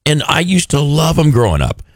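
A man's voice: a little high, big pitch swings, a little fast, vocal fry, no echo, studio quality. A man co-hosting a casual chat show, joking and tossing in wry asides. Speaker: radio show co-host.

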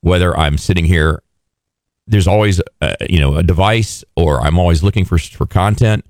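Give me a joking, sarcastic male radio co-host with a low voice and a dry close mic. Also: normal speed, a little mellow, no echo. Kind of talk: casual on-air chat.

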